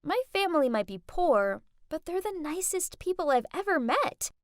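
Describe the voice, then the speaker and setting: A woman tells a first-person animated story with dramatic expression. Her voice is high and lively, rising and falling a lot, and the recording is dry and close. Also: moderate pace, no room sound. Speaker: narrator.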